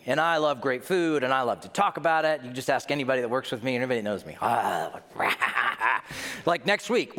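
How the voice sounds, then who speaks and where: A man's voice: on the high side, fairly bright tone. A man preaching a humorous, conversational sermon as pastor, joking and acting out his listeners' reactions. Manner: playful, jokey, acts out listeners' reactions. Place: church sanctuary. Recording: long reverb of a large hall.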